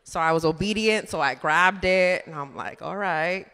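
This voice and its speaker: Bright-voiced woman doing stand-up. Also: low-pitched, normal speed, clear, resonant tone. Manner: chatty, animated, laughs at her own jokes. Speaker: stand-up comedian. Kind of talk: stand-up comedy set. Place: comedy club stage. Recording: reverberant club room.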